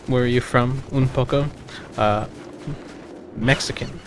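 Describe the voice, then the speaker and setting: This is a man from the United States talking casually while streaming a game, in a mid-range voice over slight background noise. He swears without hesitation, laughs readily and keeps starting his sentences over.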